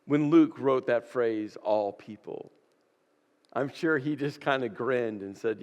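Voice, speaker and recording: A man's voice: medium pitch, slow, darkish tone, long reverb tail. A man preaching a sermon as pastor, emphatic and repeating key words for weight. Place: church sanctuary.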